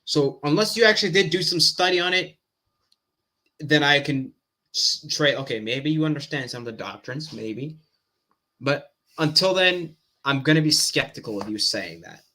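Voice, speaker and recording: A man with a bright, clear voice comments on a clip in a loose, unscripted way. He hesitates often, restarts his sentences and leans on fillers while he thinks. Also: fairly high pitch, lively intonation, moderate pace. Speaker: Christian apologetics commentator. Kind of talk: casual reaction commentary.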